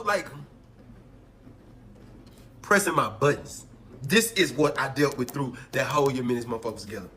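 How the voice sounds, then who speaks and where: A man telling a story in a casual, animated and heavily profane way, acting out what others said. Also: medium pitch, brisk, pauses often. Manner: animated, profane, acts out quotes. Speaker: storyteller in a clip.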